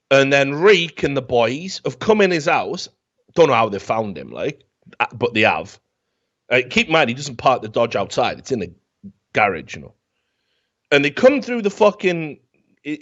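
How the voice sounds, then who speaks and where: A man on a podcast, rambling through a profane, mocking comic rant about a film. His voice sits at an ordinary middle pitch, and the recording sounds dull and slightly lo-fi. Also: sing-song, moderate pace, fairly bright tone. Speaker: podcast host.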